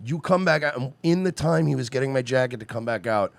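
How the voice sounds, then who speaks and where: A man co-hosting a podcast, telling an animated anecdote in casual chat. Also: medium pitch, fast talker, vocal fry, no room sound. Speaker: co-host.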